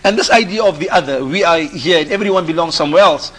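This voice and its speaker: Husky man, halting and restarting. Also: a little high, a bit bright. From Africa. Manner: halting, repeats and restarts phrases. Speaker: panel guest. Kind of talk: discussion on a radio call-in show.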